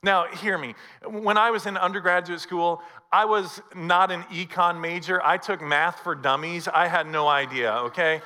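Middle-aged male pastor, bright and fairly high voice, storytelling sermon. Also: moderate pace, hardly any pauses. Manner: storytelling preacher, acts out dialogue.

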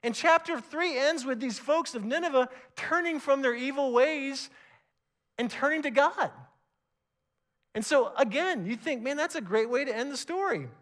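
High-voiced man preaching a sermon. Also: moderate pace. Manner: animated preaching, reads scripture aloud, occasional stammered restarts. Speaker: pastor.

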